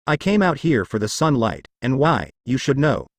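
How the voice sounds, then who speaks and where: A man's voice: medium pitch, sing-song, moderate pace, no room sound. A man voicing an exhausted young nun who answers with curt defiance. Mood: wary.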